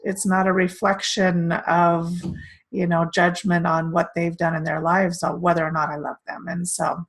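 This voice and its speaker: Middle-aged lady chatting about self love, kinda low voice, rambly and earnest. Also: flat delivery, normal speed, poor audio. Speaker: self-care course host. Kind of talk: casual spiritual self-help talk.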